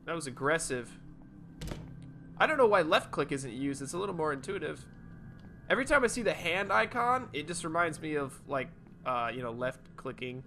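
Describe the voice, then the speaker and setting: A man with a bright, slightly high voice gives casual gameplay commentary from home. His pitch swings widely as he reacts. He is jumpy and swears freely. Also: sing-song, normal speed, slight background noise. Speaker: let's play host. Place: home room with a cat nearby.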